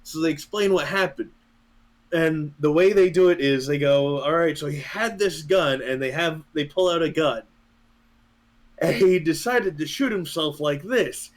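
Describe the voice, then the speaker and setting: A man co-hosting a podcast in casual chat, naturally loud, laughing often and acting out voices as he retells a skit. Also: on the high side, unhurried. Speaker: podcast co-host.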